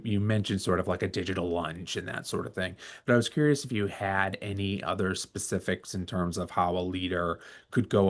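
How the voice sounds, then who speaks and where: A man moderating a webinar, asking a panelist questions in a hesitant way, with many pauses and restarts. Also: low voice. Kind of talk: conversational questions. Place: video call.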